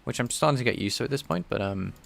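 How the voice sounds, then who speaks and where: A man's voice: medium pitch, lively intonation, racing, vocal fry. A man live-streaming his programming work, thinking aloud in a casual, rambling way and chatting with viewers. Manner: rambling and self-deprecating, chatting with viewers between tasks.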